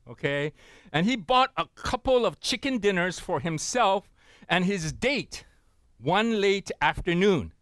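A man's voice: sits high, fairly bright tone, no room sound, clean studio sound. A man preaching a sermon, telling a story and often asking his listeners "right?" and "amen?". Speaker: pastor.

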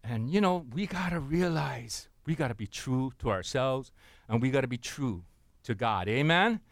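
A man's voice: medium pitch, expressive, moderate pace, no room sound, clean studio sound. A man preaching a sermon, telling a story and often asking his listeners "right?" and "amen?". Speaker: pastor.

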